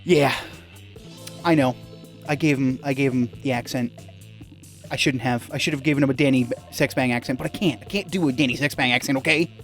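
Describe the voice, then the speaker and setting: A woman's voice: very deep voice, fairly quick, soft background music. Woman, game commentary, casual, joking, chatty. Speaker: gaming video host. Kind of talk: let's play commentary.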